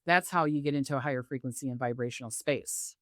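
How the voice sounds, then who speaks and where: A woman guest, a psychic medium, telling stories on a video call and acting out the voices of others with big jumps in pitch. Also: quick pace, dry recording, clean studio sound. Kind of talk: animated storytelling interview.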